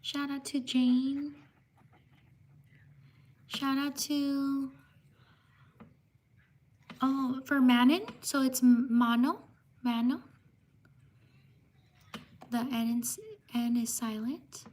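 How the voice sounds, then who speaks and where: A woman hosting a live stream, slowly reading out shout-outs to viewers and taking care over their names. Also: sits high, flat delivery.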